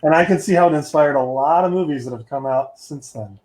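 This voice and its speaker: A man's voice: on the high side, a little fast. Upbeat podcast host man in a roomy room. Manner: laughs often, lively and upbeat. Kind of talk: casual chat. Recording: roomy echo.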